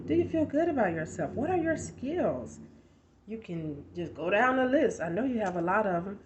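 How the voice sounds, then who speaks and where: A woman's voice: medium pitch, big pitch swings, moderate pace, a little mellow, dull audio, slight background noise. A woman in her thirties giving a conversational motivational talk, emphatic and full of rhetorical questions. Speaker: motivational speaker.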